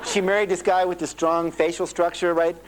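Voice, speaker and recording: A middle-aged man leads a motivational seminar on an old cassette tape. His voice sits a little high, and he tells his stories with lively energy, slipping into the voices of the people in them. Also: a little fast, poor audio. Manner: animated storytelling, acting out quoted voices. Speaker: seminar speaker. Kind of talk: motivational seminar talk to a live audience.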